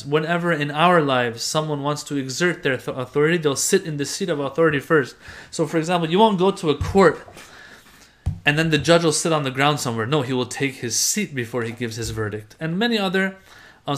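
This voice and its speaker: Male religious teacher, middle-aged, fairly high voice, emphatic and lively, lecturing from a text. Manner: lively, emphatic, explains with everyday examples and rhetorical questions. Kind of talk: explanatory lecture reading from a text.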